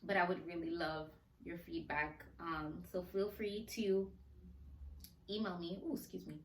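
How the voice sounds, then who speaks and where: A woman's voice: lowish voice, fairly even intonation, measured pace, far from the mic, slight background noise. A woman hosting a solo podcast, talking in a heartfelt, conversational way and laughing often. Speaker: podcast host. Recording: roomy echo, voice a bit off-mic.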